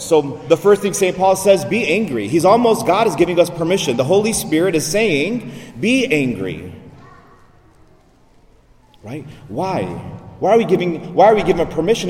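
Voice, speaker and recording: A man's voice: fairly high pitch, a little mellow. A man, a priest, giving a sermon in a conversational preaching style with frequent rhetorical asides, recorded in a church. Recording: echoey church hall, voice from far off.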